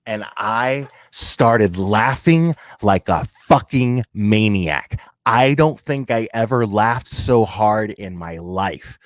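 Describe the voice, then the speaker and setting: Slow-talking man telling a crude story. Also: on the low side, no room sound, studio quality. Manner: laughs through the telling, crude and amused. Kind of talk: casual storytelling.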